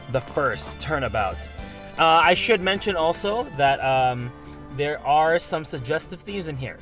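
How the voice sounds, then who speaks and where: A man's voice: mid-range voice, a bit bright. Chatty joking man playing a game. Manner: chatty, joking, with lots of fillers. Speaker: game channel host. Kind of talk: let's-play commentary.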